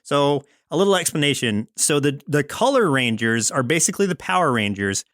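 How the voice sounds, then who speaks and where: A man's voice: fairly high pitch, animated, fairly quick, a bit bright, no room sound, clean studio sound. A man co-hosting a podcast, casually recapping a cartoon episode in a rambling way with lots of "like". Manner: rambling storyteller, heavy use of "like", acts out quotes. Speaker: podcast co-host.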